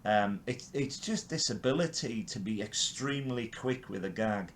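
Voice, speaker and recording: A man's voice: lowish voice, animated, normal speed, a little hiss or hum. An older man from England hosting a podcast interview, chatting enthusiastically with frequent restarts. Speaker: podcast host. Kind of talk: casual interview chat.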